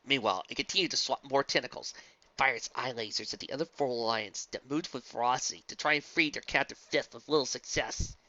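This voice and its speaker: A man reading a fanfic story aloud as narrator, in a quick, lively manner. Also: medium pitch. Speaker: fanfic reader. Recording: dull lo-fi recording, dry.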